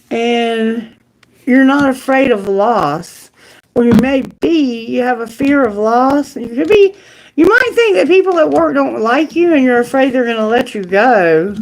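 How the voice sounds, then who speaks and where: A woman giving a live tarot reading in a chatty, animated and frank way, with jokes. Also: on the high side, slight background noise, low-quality recording. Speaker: tarot reader.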